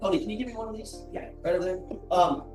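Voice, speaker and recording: A fast-talking man with a high-pitched, darkish voice and fairly even intonation gives an earnest, emotional motivational talk to a large-room audience. He repeats lines for emphasis, and the roomy recording, made from a distance, carries faint music.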